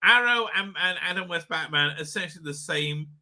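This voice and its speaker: Sharp-voiced excitable man hosting a livestream. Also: on the high side, a little fast. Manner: rambling, excitable, profane; laughs often. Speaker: livestream host. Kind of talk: casual live chat.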